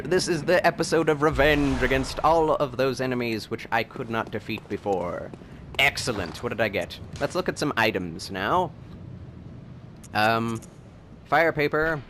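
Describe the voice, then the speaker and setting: A man hosting a video game playthrough, rambling and excitable, and laughing often as he plays. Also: medium pitch, moderate pace, slight background noise. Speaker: let's play host. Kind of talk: gameplay commentary.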